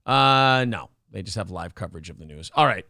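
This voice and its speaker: A man's voice: low voice, expressive, fairly quick, sharp tone, dry recording, studio quality. A man hosting a morning talk show, joking around in a casual, profane and offhand way. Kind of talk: casual comedic chat.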